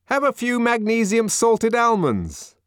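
A man voicing a nervous sightseer who tries to placate with a high, eager voice. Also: huge pitch swings, measured pace, fairly bright tone, smooth, no echo, clean studio sound, exaggerated voice. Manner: nervous, ingratiating.

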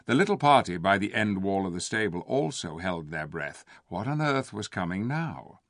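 A man narrates a children's story with a gravelly, textured voice. His reading swings widely in pitch, lively and expressive. The sound is forceful and bright, recorded dry and close. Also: normal speed, no room sound. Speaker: audiobook narrator. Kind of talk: scripted narration.

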